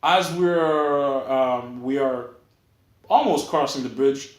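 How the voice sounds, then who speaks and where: A male podcast co-host tells a story in casual, profane chat, animated and acting out the other people's lines in their voices. He speaks slowly at a medium pitch, recorded in an echoey room.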